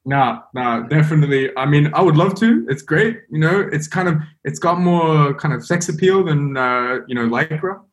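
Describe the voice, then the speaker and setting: A man's voice: fairly high pitch, lively intonation, normal speed, hardly any pauses. A young man, a podcast guest, telling a story casually and rambling with many fillers. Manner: rambling, full of "like" and "you know".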